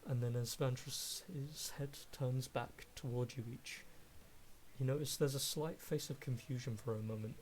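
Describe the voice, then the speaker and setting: Man, game master, slow narration, measured, faint hiss. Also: medium pitch, steady tone, a little mellow.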